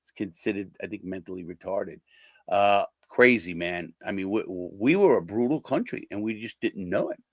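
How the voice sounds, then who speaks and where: A blunt older man hosting his own channel, speaking in a fairly low voice. He talks casually and swears freely, acting out the people in his stories. The sound is dry and close, with no room echo. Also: animated, moderate pace. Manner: blunt, conversational, swears, acts out quoted people. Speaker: host, former prisoner. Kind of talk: casual monologue to viewers.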